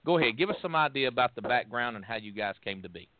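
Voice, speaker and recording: A man's voice: medium pitch, animated, fast, dry recording. A man hosting a casual interview show, welcoming guests and asking questions with friendly hesitations. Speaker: podcast host and announcer. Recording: phone-like, dry sound.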